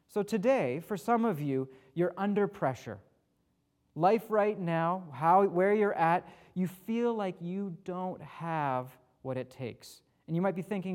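A man's voice: sits high, measured pace. A man preaching a conversational sermon as pastor, acting out the people he quotes, with touches of self-deprecating humor. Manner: casual, acts out quoted speakers.

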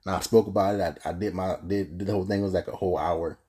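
Young guy rambling thru his own story, kinda low and husky, earnest. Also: steady tone, racing, mellow. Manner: earnest, rambling, with frequent restarts and fillers. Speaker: podcast host telling his story. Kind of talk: casual personal storytelling.

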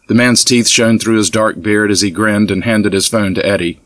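A man with a voice on the low side narrates an audiobook, reading the scripted text in a steady, measured storytelling way. There is no echo.

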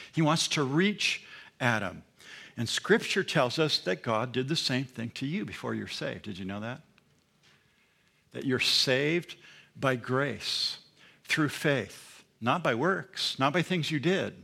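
Man, pastor, church sermon, emphatic, call-and-response, bright tone. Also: fairly high pitch.

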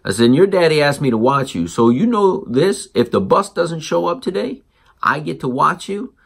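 A man hosting a parenting show, telling a story and acting out the dialogue in an animated way. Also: on the high side, normal speed, creaky, breathy edge. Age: adult parent. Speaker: podcast host. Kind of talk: storytelling monologue.

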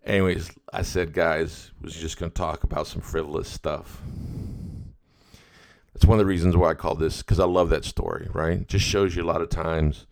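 A man's voice: low voice, little pitch movement, moderate pace, gravelly, a little mellow. A middle-aged man hosting a podcast, telling a story in a folksy, rambling way full of asides. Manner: folksy, rambling, with many "you know" asides. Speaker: podcast host. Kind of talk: casual storytelling monologue.

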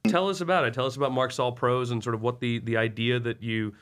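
A man hosting an interview, mostly giving short acknowledgements and then asking a measured, open question. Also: mid-range voice, steady tone, a bit bright. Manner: brief backchannels, short laughs, measured questions. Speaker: host. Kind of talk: podcast interview.

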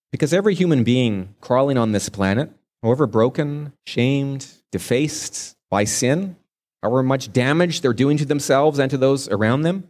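A man's voice: medium pitch, a little mellow. A man preaching a sermon as a pastor, retelling a scripture story earnestly and stretching key words for emphasis.

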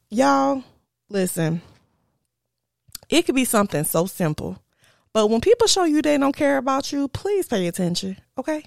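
Young woman podcast host, chatty storyteller, gravelly edge, dry close sound. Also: high voice, measured pace, long pauses, no room sound. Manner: chatty, animated, addresses listeners as y'all. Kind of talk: casual storytelling.

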